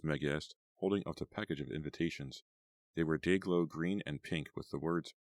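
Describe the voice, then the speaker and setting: A man narrating an audiobook in a steady, even reading. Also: very deep voice, moderate pace, no echo.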